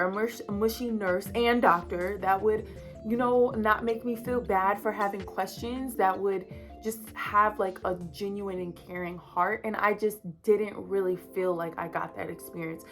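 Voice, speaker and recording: A young woman in her twenties talks straight to her viewers about something deeply personal. She rambles candidly, full of fillers and little asides, at a middle pitch. Faint music sits behind her voice. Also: fairly even intonation, unhurried, fairly bright tone. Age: 20s. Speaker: vlogger. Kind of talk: personal storytelling to camera.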